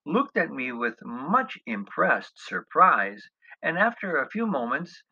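Telling a humorous tale of his travels, this middle-aged American pokes fun at himself with wry, chuckling asides. His fairly high, husky voice swings widely in pitch, slow, bright and forceful. The audio is dull and lo-fi.

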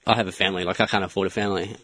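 A man's voice: low voice, fairly even intonation, racing, fairly bright tone, dry recording. A man in casual podcast chat, blunt and self-deprecating, a father sharing his own complaints.

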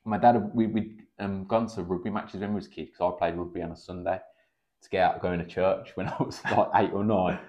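Fast-talking low-voiced man. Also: steady tone, a little mellow. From England. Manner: chatty, swears freely, acts out quoted dialogue. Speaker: podcast guest, kickboxing coach. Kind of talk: casual podcast storytelling. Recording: slightly dull lo-fi podcast audio.

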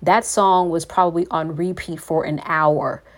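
A woman's voice: low-pitched, steady tone, a little slow. A woman hosting a faith podcast, talking in an earnest, preachy way and calling her listeners "you all". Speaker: podcast host.

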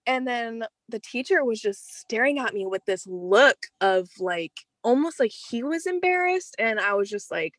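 A teenage girl with a fairly high voice tells a personal story as an interview guest. She talks in an animated, chatty way, with plenty of "like" fillers. Her voice is recorded dry and close, with no room sound. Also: moderate pace, few pauses, no room sound.

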